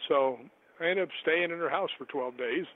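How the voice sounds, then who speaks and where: A man telling stories in a relaxed, rambling way as a guest on a radio show, laughing often. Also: on the high side, moderate pace. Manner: chatty, rambling, laughs often, animated when astonished. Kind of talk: casual storytelling on a call-in radio show. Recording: tinny phone line.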